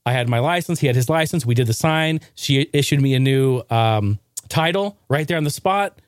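A man hosting a podcast, telling a long personal story in a rambling, animated way, swearing casually, with lots of fillers and restarts. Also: medium pitch, moderate pace, clear, resonant tone, no echo, studio quality. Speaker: podcast host.

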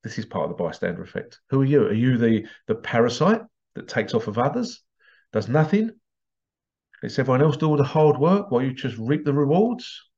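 A man hosting a show, giving a monologue with animated storytelling and rhetorical questions. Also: mid-range voice, a little fast, muffled recording. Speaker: host. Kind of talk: monologue commentary.

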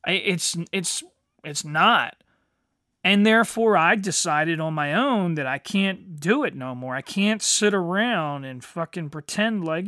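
A man's voice: high voice, animated, a little slow, bright, forceful tone, dry recording, studio quality. A man ranting bluntly in a monologue, swearing heavily and tagging lines with "you know". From United States. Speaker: podcast host.

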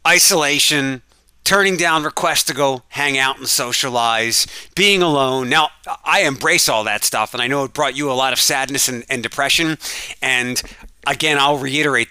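A man speaks in a rambling, earnest way from his home, often restarting his sentences as he talks to his listeners. His voice is very bright and forward. The sound is dry and close, with almost no room echo. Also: mid-range voice, smooth. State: isolating at home. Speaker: podcast host. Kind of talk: casual monologue.

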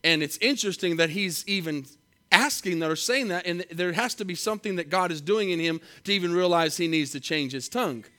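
A man preaching a sermon, reading scripture slowly and with emphasis, then telling a story in a conversational way. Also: high-pitched, pushed and bright. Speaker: pastor.

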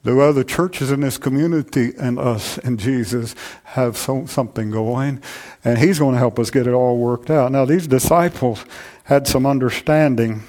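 A man preaching a sermon to his congregation, shifting between loud, fervent passages and low, intimate asides, often repeating "I'm telling you". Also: normal speed. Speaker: pastor.

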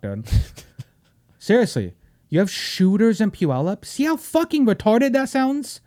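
A man hosting a podcast, ranting loudly and mockingly with heavy swearing, dropping to low mutters between outbursts. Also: sing-song, normal speed. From Washington State, US. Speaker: podcast host. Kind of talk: casual podcast rant.

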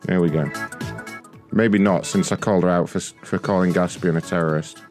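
A man's voice: deep voice, fairly even intonation, brisk, music in the background. A man hosting a prank call livestream, crude and mocking, laughing at his callers and reading out donations. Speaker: prank call show host.

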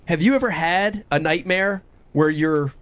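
Excited guy hosting a web show, high bouncy voice, muffled audio. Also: no room sound. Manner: excitable, quick to laugh. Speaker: host. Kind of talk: casual show banter. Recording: dull lo-fi sound.

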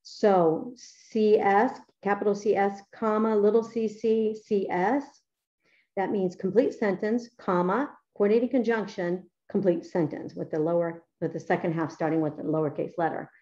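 A woman's voice: mid-range voice, steady tone, moderate pace, warm tone, muffled recording. A middle-aged woman teacher explaining how she edits student papers, chatty and enthusiastic with many fillers. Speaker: writing teacher. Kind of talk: explaining her paper-editing method.

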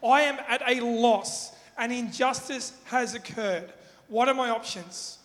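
A man's voice: very high-pitched, measured pace, a bit bright. A man preaching in a casual, conversational way, asking the audience questions and acting out everyday examples. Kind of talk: sermon. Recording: long reverb in a hall.

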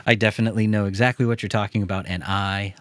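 A man's voice: on the low side, fairly even intonation, fast talker, a bit bright, no echo. An American man hosting a podcast, chatting in an easygoing, enthusiastic way into a studio microphone. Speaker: podcast host. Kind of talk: casual podcast chat.

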